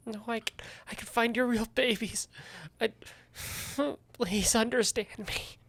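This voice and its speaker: A woman voicing a frightened young male halfling who pleads in a soft, hushed voice in a tabletop game. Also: a little high, steady tone, unhurried, dry recording. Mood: pleading.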